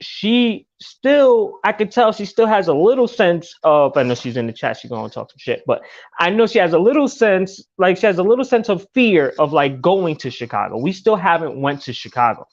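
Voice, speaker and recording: Higher-pitched man, slightly muffled audio. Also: normal speed. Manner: relaxed, swears casually. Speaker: podcast host. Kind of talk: casual chat.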